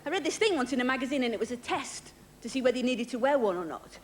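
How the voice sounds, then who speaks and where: A woman's voice: sits high, animated, fast. A woman comedian doing a stand-up routine on a large theatre stage, with a dry, self-deprecating delivery. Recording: noisy 1980s television broadcast with audience.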